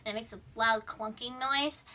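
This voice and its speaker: Young female vlogger, high and bright, rambling and casual. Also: fairly even intonation, moderate pace. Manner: rambling, full of fillers and restarts. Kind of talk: casual film retelling. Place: room at home.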